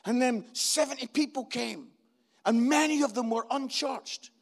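Gravelly, husky pastor. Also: male voice, very high-pitched, measured pace. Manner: animated, comic storytelling. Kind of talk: storytelling sermon.

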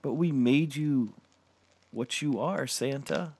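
A man voicing a flock of birds that speak together in a large, terrifying voice, loud and solemn. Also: mid-range voice, slow, a little hiss or hum, pitched above the performer's own voice, natural voice. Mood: booming, pleading. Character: flock of birds, a vast booming chorus.

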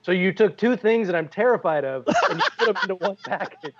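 A man's voice: high-pitched, lively intonation, fast talker, a bit bright, muffled recording. A man co-hosting a podcast in casual chat, joking and telling stories. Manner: jokey, storytelling, laughs often. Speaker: podcast co-host.

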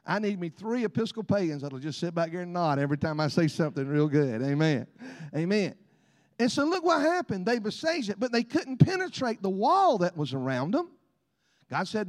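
A middle-aged man preaches in a notably high voice, spinning folksy stories and calling out amens. His words ring with long reverb through a large church. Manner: folksy storytelling with frequent amens and laughs. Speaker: pastor. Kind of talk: sermon.

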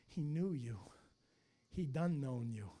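A man preaching a fiery sermon as pastor, swinging from hushed lines to shouted ones. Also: mid-range voice, lively intonation, takes it slowly, breathy edge.

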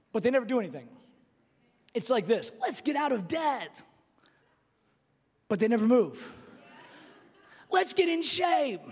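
A man preaching an impassioned sermon to a congregation, building up to shouts. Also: very high voice. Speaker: pastor. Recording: reverberant hall with music behind.

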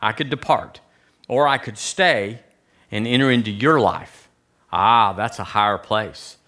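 A man's voice: on the low side, unhurried, bright, forceful tone. A man preaching a conversational sermon in a church, asking the congregation rhetorical questions. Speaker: pastor. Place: church sanctuary.

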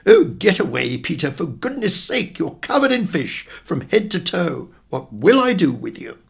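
A man's voice: medium pitch, big pitch swings, a little slow, gravelly, a bit bright, full character voice. A man voicing a nervous, fussy mother haggling at a fish van, raised and exaggerated in tone. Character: fussy nervous mother, middle-aged woman.

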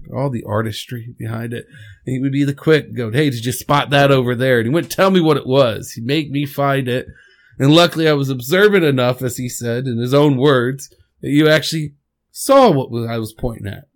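Gravelly man, choked up. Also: medium pitch. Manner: halting, rambling, with restarts. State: choked up, fighting tears. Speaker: podcast host. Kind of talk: emotional spoken tribute.

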